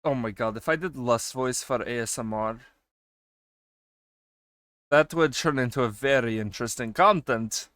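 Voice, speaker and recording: A man streaming and chatting casually with his viewers. He swings between loud excited bursts and quieter asides, and he swears casually. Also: mid-range voice, moderate pace, long pauses, dry recording, clean studio sound. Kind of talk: casual chat with a live stream chat.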